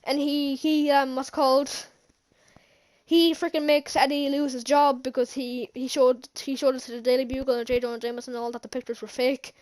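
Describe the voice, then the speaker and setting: A woman's voice: sits high, little pitch movement, fairly quick, a little mellow. A woman recapping a movie in a casual, rambling way, laughing often and restarting her sentences. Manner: rambling, giggly, many restarts. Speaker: movie reviewer.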